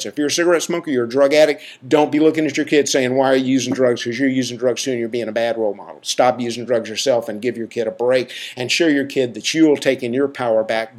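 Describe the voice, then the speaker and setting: A man's voice: mid-range voice, darkish tone. A middle-aged man talks straight to his listeners in a podcast monologue. His delivery is folksy and emphatic, with a preachy edge. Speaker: podcast host. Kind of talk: casual monologue.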